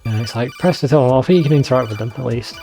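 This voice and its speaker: A man with a northern English accent talks through a game in a loose, joking way. His tone is mellow and warm, and he swears freely as he mocks what he sees on screen. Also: mid-range voice, racing, faint music behind. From northern England. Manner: chatty, swears freely, mocking asides. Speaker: let's play host. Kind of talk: casual gameplay commentary.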